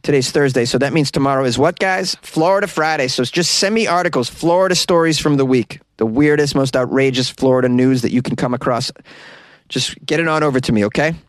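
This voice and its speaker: A wisecracking man hosts a comedic news podcast at a studio mic, chuckling between remarks. His voice sits at a middling pitch and is recorded close and dry, with no room echo. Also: brisk. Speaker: podcast host.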